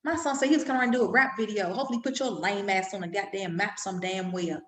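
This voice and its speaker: A woman's voice: mid-range voice, fast talker, a bit bright. Ranting middle-aged woman, echoey room. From Washington, D.C. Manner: profane, ranting, repetitive and emphatic. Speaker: mother vlogging. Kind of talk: impassioned monologue to camera.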